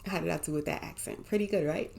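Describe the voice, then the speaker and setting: Woman host with a gravelly edge, upbeat and affirming, self-help talk to camera. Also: deep voice, fast talker, darkish tone. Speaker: manifestation coach and channel host.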